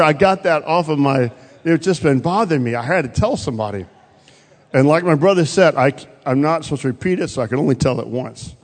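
A fairly high-voiced man teaches a sermon with eager, folksy enthusiasm and plenty of fillers. His voice carries a long church reverb, as if recorded in a large sanctuary. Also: animated, normal speed.

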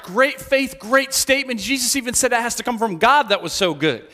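A pastor with a high voice preaches in a chatty, lively way, slipping into the voices of the people in his story. His voice rings with the long reverb of a church hall. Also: brisk. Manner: conversational, animated storytelling with acted-out quotes. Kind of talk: sermon.

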